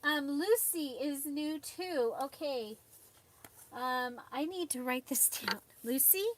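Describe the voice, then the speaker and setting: Against a noisy background, a woman speaks slowly in a high voice. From her craft desk she runs a casual live stream, talking with viewers, naming them as she greets them, and often breaking into laughter.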